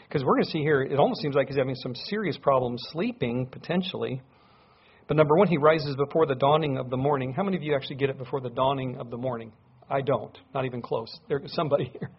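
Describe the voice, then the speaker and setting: A man's voice: medium pitch, husky, muffled recording. A man preaching a sermon, earnest and conversational, asking his congregation rhetorical questions. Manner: speaks to a live congregation. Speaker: pastor.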